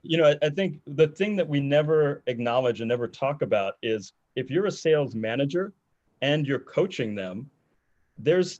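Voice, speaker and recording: Brief: mid-pitched male sales panelist, blunt and conversational, video-call sound. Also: a little mellow, muffled recording. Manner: direct, conversational, repeats himself for emphasis.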